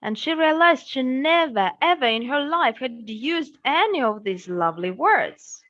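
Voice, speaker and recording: A woman from Russia with a Russian accent, telling a fairy tale in English in an expressive, dramatic way. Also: high voice, measured pace, highs cut off. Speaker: English teacher telling a story. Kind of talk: storytelling.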